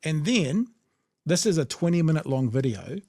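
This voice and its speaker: A man with a New Zealand accent hosting a casual political chat show, blunt, sarcastic and quick to swear. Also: a little high, big pitch swings, darkish tone, no echo, clean studio sound. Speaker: podcast host.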